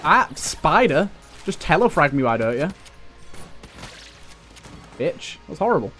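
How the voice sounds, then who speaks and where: A young man narrating his run with chatty, jokey commentary, his voice sitting a touch high. He swears at setbacks and teases the enemies he fights. Faint game music and gunfire play behind him. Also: big pitch swings, measured pace. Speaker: let's play gamer. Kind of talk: casual gameplay commentary.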